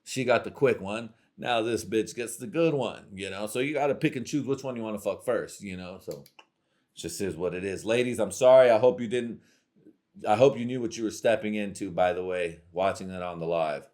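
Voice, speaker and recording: A young man with a lowish voice rambles through a foul-mouthed comic monologue as host of his own show. He leans on slang and swearing and keeps breaking into laughter. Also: a little fast, a little mellow. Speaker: podcast host. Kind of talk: crude comedic monologue.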